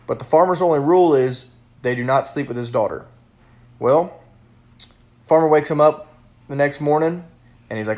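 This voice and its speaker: A man telling a joke in a laid-back, deadpan way. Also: medium pitch, normal speed, long pauses. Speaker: joke teller.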